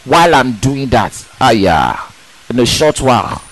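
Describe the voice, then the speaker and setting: A man preaching a sermon in an emphatic, animated way, asking rhetorical questions and repeating words for stress. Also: medium pitch, a little slow, low-quality recording.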